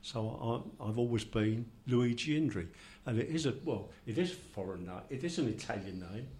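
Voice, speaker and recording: An older man speaks with a broad London accent, chatty and full of wry jokes. He wanders through long anecdotes in a relaxed, conversational way, at an even, middling pitch. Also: moderate pace. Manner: chatty, joking, rambling anecdotes. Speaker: discussion participant. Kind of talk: casual group conversation.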